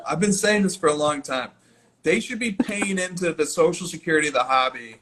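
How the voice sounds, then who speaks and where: A man's voice: on the high side, fairly quick, a bit bright. A man co-hosting a podcast in casual chat, joking and laughing often. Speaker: podcast co-host.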